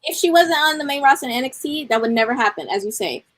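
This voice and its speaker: A woman's voice: high-pitched, animated, quick pace, a bit bright, no room sound, poor audio. A woman co-hosting a casual wrestling podcast, making confident, analytical points and teasing her co-host. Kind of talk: casual wrestling review chat.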